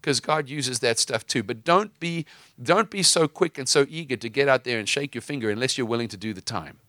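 Mid-range in pitch, this man's voice comes across pushed, bright and animated at a fairly quick clip. He's a preacher and host giving impassioned preaching, combining scripture with stories and casual asides and driving it home with fiery emphasis. The recording is studio quality, with no room sound.

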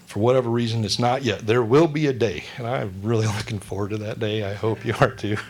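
A man's voice: on the low side, fairly even intonation, fairly quick, darkish tone, a little hiss or hum. Joking, chatty male pastor preaching. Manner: conversational, humorous, asks the congregation questions. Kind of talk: sermon.

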